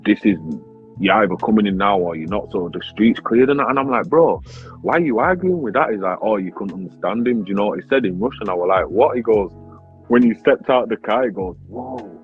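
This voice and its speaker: A man, a grime artist and battle rapper telling a story in a casual interview, animated, swearing often and saying "bro" all the time. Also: lowish voice, brisk. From Leeds, England. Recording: tinny phone-like sound with faint music.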